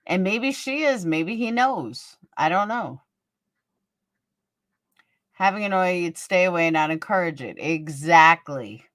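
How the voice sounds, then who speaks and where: A woman's voice: lowish voice, expressive, takes it slowly, long pauses, a bit bright, dry recording, clean studio sound. A woman hosting a casual livestream, blunt and profane, gossiping and answering viewers by name. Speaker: livestream host. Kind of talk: casual livestream chat reading viewer comments.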